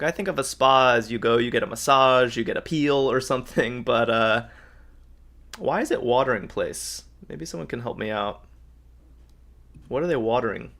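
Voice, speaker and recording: A man's voice: medium pitch, gravelly, a bit bright. Upbeat man hosting a live puzzle stream. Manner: upbeat, thinks aloud, reads out viewers' answers. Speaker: host of a live crossword solve. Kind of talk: live-stream puzzle solving, chatting with viewers.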